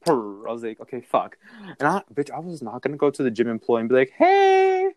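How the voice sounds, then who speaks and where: A young man telling a story in a casual, animated and profane way, with a background. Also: medium pitch, fast talker.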